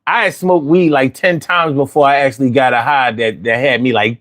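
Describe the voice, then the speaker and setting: A man hosting a casual chat, telling stories with lots of swearing and putting on high voices when he quotes himself. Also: normal speed, hardly any pauses. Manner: animated storyteller, swears freely, jumps into high voices for quotes. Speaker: host.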